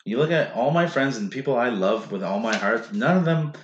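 A man's voice: mid-range voice, animated, a little fast, muffled recording, a little hiss or hum. A man hosting a podcast in loose, rambling chat, swearing freely and leaning on "like". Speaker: podcast host and comedian. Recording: roomy echo.

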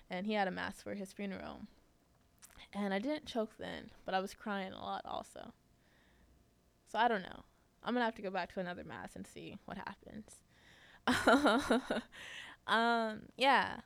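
A woman's voice: mid-range voice, creaky, smooth, no room sound. A young woman hosting a podcast, telling a personal story in a casual, chatty way with lots of fillers. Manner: chatty, many fillers, laughs often. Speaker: podcast host.

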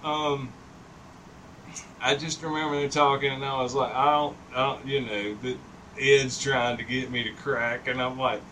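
A man's voice: medium pitch, steady tone, unhurried, a bit bright. A man in his fifties telling a long story in casual chat. He rambles, swears freely and laughs often. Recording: distant mic with noticeable background noise.

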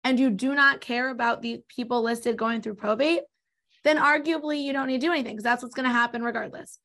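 Fast-talking Californian woman. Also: on the high side, fairly even intonation, creaky, a bit bright. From born in New York, raised in Los Angeles. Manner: talks fast, explanatory. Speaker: guest, estate planning attorney. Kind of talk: casual interview answers.

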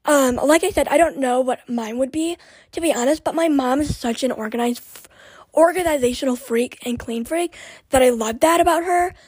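A woman's voice: high-pitched, moderate pace, a little mellow, no room sound. A young woman hosting her own podcast, chatting casually and rambling with lots of fillers and restarts. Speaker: podcast host. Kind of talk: casual chat.

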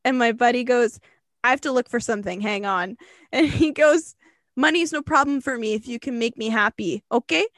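A young woman co-hosting a podcast, telling a story in a casual, animated way, laughing and swearing often. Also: a little high, moderate pace, dry recording. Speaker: podcast co-host.

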